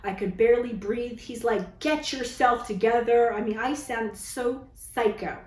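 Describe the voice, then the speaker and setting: A woman's voice: fairly high pitch, steady tone, measured pace, a little mellow, reverberant, low-quality recording. A woman vlogger telling a personal story to camera in a candid, dramatic, chatty way, often tagging her lines with "okay?". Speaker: vlogger telling dating stories.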